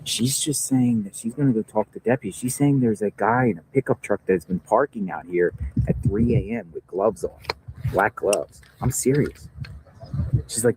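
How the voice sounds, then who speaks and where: A man's voice: lowish voice, normal speed. Chatty man streaming from a roadside. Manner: chatty, talks to viewers as folks. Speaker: live streamer on location. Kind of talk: casual live-stream commentary. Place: outdoors by a roadside. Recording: outdoor stream with traffic noise.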